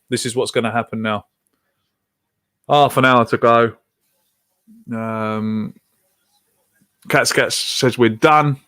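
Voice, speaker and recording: A man with a slightly bright, mid-range voice hosts a podcast watch-along of a live football match. He reacts to the game in frustration, sounding exasperated, and reads out comments from his viewers.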